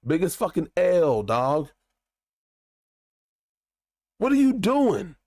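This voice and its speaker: A man's voice: high voice, wildly swooping pitch, takes it slowly, darkish tone, no room sound, clean studio sound. Heated, profane man ranting. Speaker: show host. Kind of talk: ranting commentary.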